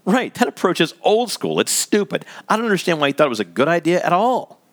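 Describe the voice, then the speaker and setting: A man's voice: sits high, sing-song, quick pace, voice pushed up. A man doing a curt, scornful coworker. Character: blunt dismissive male coworker, adult.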